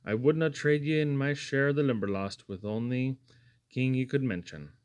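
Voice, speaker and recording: A man's voice: medium pitch, moderate pace, darkish tone, clean tone, natural voice. A man voicing a hardworking husband, speaking tenderly in heavy dialect. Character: hardworking Scottish man praising his wife.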